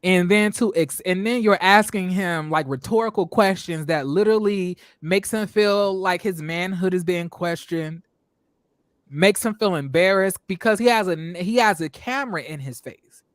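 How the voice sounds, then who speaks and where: Animated man reviewing reality TV. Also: sits high, moderate pace, no echo, clean studio sound. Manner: animated and emphatic, acts out what people said. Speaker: show host reviewing reality TV. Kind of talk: casual commentary.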